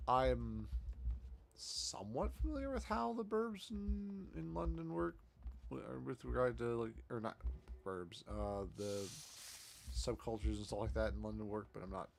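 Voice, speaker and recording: A man's voice: on the low side, gravelly, a little hiss or hum. A man streamer giving casual, rambling gameplay commentary, talking to himself as he plays.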